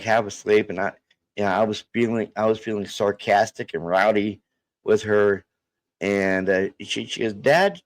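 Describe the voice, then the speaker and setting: A middle-aged man telling stories in a halting, rambling way, restarting his sentences often. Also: on the low side, no echo. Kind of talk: casual storytelling chat.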